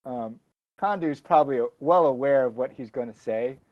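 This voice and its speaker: A man acting as game master, narrating a tabletop game in a halting way with fillers and chuckles. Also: medium pitch, no room sound, highs cut off.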